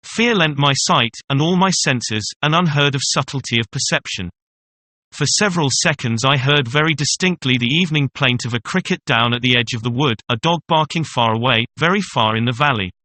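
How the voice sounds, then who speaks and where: A man narrating an old horror story in a measured, suspenseful telling. His voice is bright and forceful at a middling pitch, recorded close on a dry mic with no room sound. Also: no echo. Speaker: audiobook narrator.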